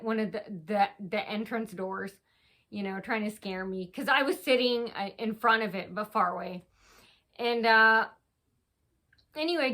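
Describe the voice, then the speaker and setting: Bright, rambling woman vlogger. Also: on the high side. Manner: talks fast, with many restarts and acted quotes. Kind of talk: rambling casual storytelling.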